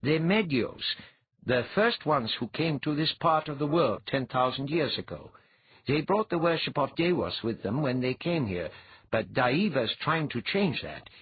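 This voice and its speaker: A man reading an audiobook, voicing a brisk, commanding female goddess who talks in a crisp, no-nonsense way. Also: medium pitch, sing-song, pitched above the performer's own voice, full character voice. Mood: explaining. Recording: dull lo-fi.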